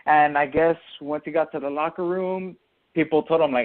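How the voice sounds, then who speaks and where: A man's voice: a little high, steady tone, normal speed. A man co-hosting a casual sports podcast, explaining his take at length with lots of fillers and restarts. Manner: rambling, filler-heavy explaining. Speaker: podcast co-host. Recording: tinny phone-like audio.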